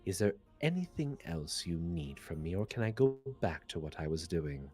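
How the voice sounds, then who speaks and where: A man's voice: deep voice, big pitch swings, moderate pace, darkish tone, soft background music, voice pushed down. A man voicing a curt, dismissive guildsman who is impatient with strangers, during a tabletop game. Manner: haughty, impatient. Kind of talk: tabletop game role-play.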